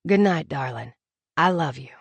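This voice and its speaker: Woman narrator doing a tender young lover, low-key and earnest, a soft pleading voice. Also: animated, moderate pace, creaky, breathy edge, no echo, heavily acted. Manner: gentle, soft-spoken, pleading. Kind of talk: audiobook character voice.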